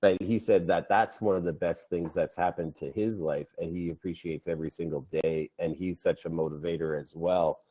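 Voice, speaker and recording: A man's voice: sits low, fairly even intonation, moderate pace, few pauses, mellow. A man moderating a conference panel, speaking hesitantly with many fillers.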